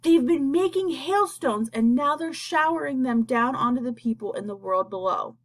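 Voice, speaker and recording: A woman's voice: high-pitched, animated, moderate pace, voice pushed up. A woman voicing an earnest young boy who speaks eagerly and urgently. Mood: excited. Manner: eager, urgent, hushed at times.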